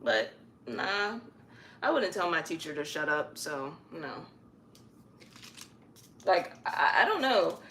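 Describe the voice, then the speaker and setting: A woman with a fairly low voice chats freely on a live stream, her pitch swooping up and down a lot as she talks. She sounds casual and animated, drawing out words to make a point while she works on her hair. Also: measured pace, pauses often, a little hiss or hum. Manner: chatty and animated, stretches words for emphasis. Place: at home doing her own hair.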